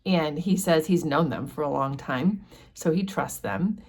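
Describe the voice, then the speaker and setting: A woman's voice: low voice, a little slow, a little mellow. A woman hosting a casual book discussion, explaining a chapter in a chatty way with many fillers. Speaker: book study host.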